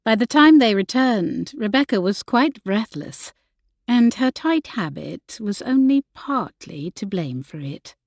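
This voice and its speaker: A woman narrating a historical romance audiobook in a gentle, measured way. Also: medium pitch, expressive, no echo. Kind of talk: scripted narration.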